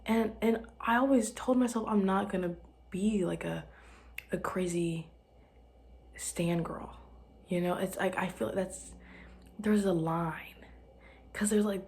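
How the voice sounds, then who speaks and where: A woman's voice: lowish voice, measured pace, a little mellow. A tired young woman from Arkansas with a light Southern lilt, rambling casually on her solo podcast and often dropping to a whisper. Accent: light Southern American. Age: young adult. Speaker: podcast host.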